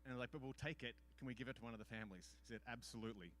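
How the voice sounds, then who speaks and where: A man's voice: mid-range voice, rapid-fire, fairly bright tone, a little hiss or hum. A man hosting an event, making loose, chatty announcements from the stage. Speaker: event host.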